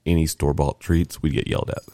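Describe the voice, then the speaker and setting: Deep-voiced man. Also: fairly even intonation, fast talker, gravelly, dark tone, slight background noise. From Southern United States. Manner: chatty and talkative. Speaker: podcast host. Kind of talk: casual chat.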